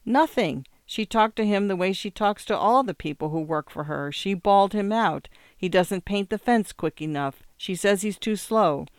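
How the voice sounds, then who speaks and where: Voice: mid-range voice, animated, normal speed, hardly any pauses, clean tone, no echo, voice pushed up, close to an everyday voice. A reader voicing a blunt German housekeeper woman who speaks broken English in a shrugging, plain-spoken way. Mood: indignant.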